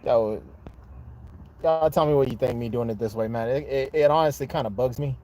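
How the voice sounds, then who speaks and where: A man's voice: mid-range voice, a little fast, a little mellow, a little hiss or hum. Cussing, fired-up man on a phone livestream. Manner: profane, frustrated then hyped, addresses viewers directly. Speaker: livestream host. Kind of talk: casual live chat. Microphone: phone held in hand.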